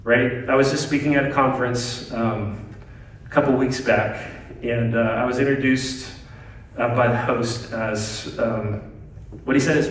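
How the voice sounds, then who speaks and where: A man preaching a sermon as pastor, swinging between loud emphatic lines and hushed ones. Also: medium pitch, steady tone, a little slow. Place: church sanctuary. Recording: very echoey church hall, mic at a distance.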